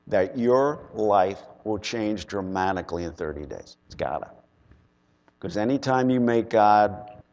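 A man preaching a sermon and telling a personal story, swinging from loud emphatic bursts to quiet, low asides. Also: highs cut off. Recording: long hall reverb.

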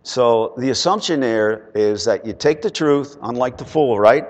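A man preaching a sermon and telling a personal story, swinging from loud emphatic bursts to quiet, low asides. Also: a little slow, few pauses. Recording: long hall reverb.

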